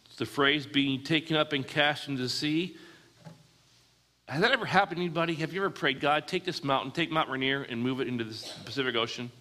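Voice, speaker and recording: Guy preaching in a church, bright punchy voice, keeps asking the crowd stuff, big echoey hall. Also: medium pitch, a little fast, hardly any pauses. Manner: asks the audience questions and answers them. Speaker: pastor. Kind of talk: sermon. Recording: hall with long reverb.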